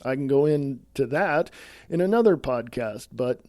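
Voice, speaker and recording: A man's voice: medium pitch, animated, a little slow, darkish tone, no room sound, studio quality. A man hosting his own podcast, talking bluntly in a scolding, sarcastic monologue. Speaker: podcast host.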